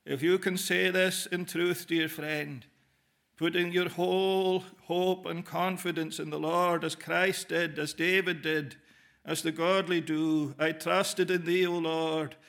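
A man delivers a sermon slowly and deliberately, his voice gravelly with a touch of fry. He sits a little higher in pitch than most men and speaks in measured phrases broken by pauses. He turns often to the listeners and addresses them as "dear friend". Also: level tone, a bit bright. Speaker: preacher.

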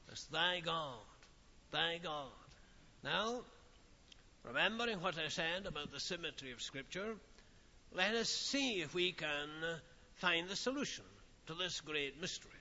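A high, very bright male voice preaching a sermon at a slow, measured pace. He speaks with solemn weight and lets his phrases drop off into quiet pauses. The old lo-fi recording carries a long hall reverb. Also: lively intonation.

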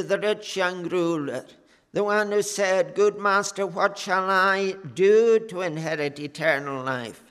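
A man preaching a sermon in an earnest, unhurried way, pausing often with fillers. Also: high-pitched, a bit bright, clear, resonant tone, in a large hall. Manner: slow, earnest preaching with many pauses and fillers.

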